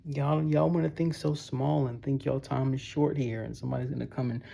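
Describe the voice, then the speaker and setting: A man's voice: mid-range voice, steady tone, brisk, gravelly, warm tone. A man talking casually to his viewers in a loose, meandering monologue, often tossing in "bro" and "y'all.". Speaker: vlogger. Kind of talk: casual rambling monologue to camera.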